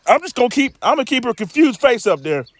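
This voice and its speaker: A man's voice: very high-pitched, sing-song, quick pace, no echo. A man teaching scripture in a loose sermon style, rambling and emphatic, with lots of stammering restarts and streetwise asides.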